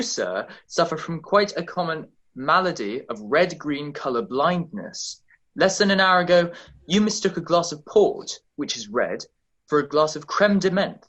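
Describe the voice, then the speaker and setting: A man's voice: on the high side, a bit bright. Sherlock Holmes, played by a man. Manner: crisp, confident explanations. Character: calm, brilliant male detective. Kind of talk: radio drama acting.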